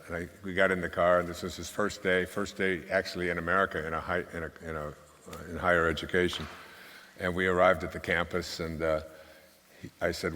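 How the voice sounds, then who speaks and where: Older man with a deep voice, telling rambling stories. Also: level tone, brisk, fairly bright tone. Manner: rambling and conversational, many fillers, dry humor. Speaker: speaker at a live talk. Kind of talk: anecdotal storytelling talk. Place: stage at a live event. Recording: long hall reverb.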